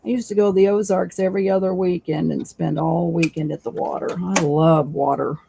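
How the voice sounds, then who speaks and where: A woman's voice: on the low side, steady tone, a little fast, gravelly, background noise. A woman co-hosting a casual craft livestream, talking chattily and filling her sentences with "you know.".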